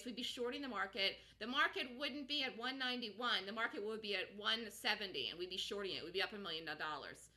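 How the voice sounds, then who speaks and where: Emphatic, bright-voiced woman trading host. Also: mid-range voice, brisk, few pauses. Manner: emphatic, rambling, repeats herself; reads and answers viewer chat. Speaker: stock trading show host. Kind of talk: live market commentary.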